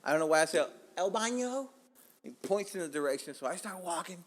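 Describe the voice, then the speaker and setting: Animated profane man telling a story. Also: on the high side, quick pace, long reverb tail. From Miami. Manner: profane, animated, swings between loud bursts and hushed asides. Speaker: podcast host. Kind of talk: casual storytelling monologue.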